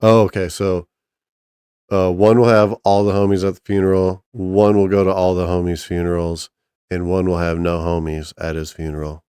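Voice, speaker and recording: A man's voice: deep voice, little pitch movement, moderate pace, mellow, clean tone, dry recording, studio quality. A man casually chatting on a stream, rambling and joking crudely with lots of restarts. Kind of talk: casual profane chat with chat and co-host.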